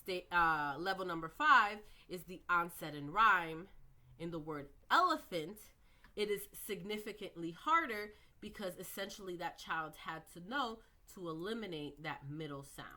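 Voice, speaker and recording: A woman teaching early reading skills, slowly modelling words and sounds with patient explanations. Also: on the low side, expressive, bright, forceful tone. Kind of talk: instructional lecture.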